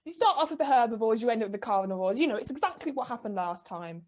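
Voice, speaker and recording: A woman's voice: on the high side, expressive, quick pace, a little mellow, highs cut off, natural voice. A woman playing a paranoid, argumentative cousin. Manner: insistent, argumentative. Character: paranoid, accusing cousin afraid of dinosaurs. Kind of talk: live improv comedy. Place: live stage show.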